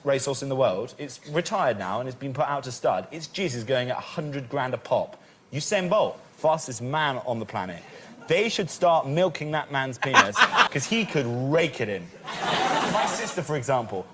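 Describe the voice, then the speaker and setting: A British man riffing as a comedy panelist, rambling and cheeky. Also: medium pitch. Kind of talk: comic riffing on a TV panel show. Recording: TV broadcast with loud background noise.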